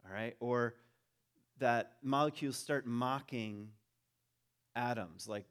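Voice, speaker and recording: A man's voice: medium pitch, takes it slowly. A man giving a reflective talk in a casual, musing way, with frequent ums and dry humor.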